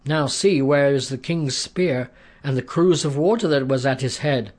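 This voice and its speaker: A brave, forgiving young hero, voiced by a male storyteller. The voice is husky and earnest and carries a sincere conviction. It is a plain storybook characterization, not a heavy put-on. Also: medium pitch, lively intonation, unhurried. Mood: taunting shout. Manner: earnest, calling out loudly across a valley.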